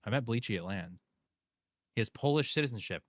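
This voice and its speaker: A man hosting a casual live stream, tossing out offhand jokes and quick banter with chat and his co-host. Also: mid-range voice, animated, no room sound.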